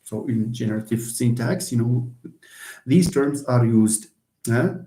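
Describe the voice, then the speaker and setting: A man's voice: medium pitch, unhurried, mellow, echoey room. A man lecturing on linguistics in an online question-and-answer session, explaining patiently and repeating points. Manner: explanatory, repeats himself, mixes in Arabic phrases. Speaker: university English lecturer.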